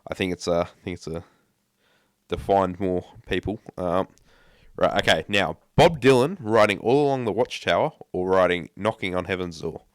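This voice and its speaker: A man hosting a casual podcast, rambling and repeating himself as he gives quick opinions. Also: low-pitched, animated, no room sound, studio quality. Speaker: podcast host.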